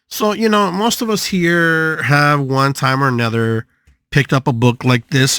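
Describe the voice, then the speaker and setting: An older man delivers a motivational talk as a podcast host, lively and playful. He stretches out repeated words and jumps suddenly up in pitch. His voice sits at an ordinary middle pitch, recorded dry and close. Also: unhurried, no echo. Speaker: podcast host and spiritual healer.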